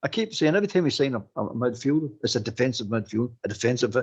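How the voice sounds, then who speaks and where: A Scottish man co-hosting a fan phone-in, talking in casual, exasperated, animated bursts. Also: medium pitch, quick pace, few pauses, slightly rough, lo-fi sound. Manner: animated, exasperated ranting with laughs. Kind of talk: casual football chat.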